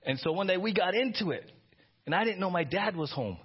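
A man preaching a conversational sermon, animated and often asking his listeners "right?". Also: high voice, a little fast, breathy edge, dull audio. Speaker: pastor.

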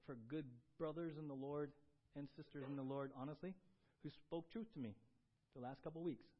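A man preaching a sermon as pastor, shifting between quiet confession and loud, urgent exhortation. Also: medium pitch, highs cut off.

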